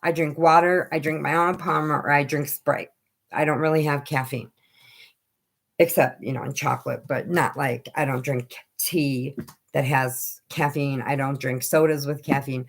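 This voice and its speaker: A woman chatting casually on a home live stream, telling lively stories and acting out what people said. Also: low-pitched, normal speed, gravelly. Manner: animated storyteller who acts out quoted voices.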